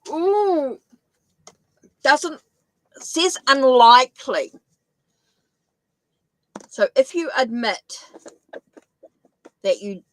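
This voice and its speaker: Reading tarot on a live stream, a New Zealand woman thinks out loud and keeps correcting herself along the way. She speaks at a medium pitch on a rough recording.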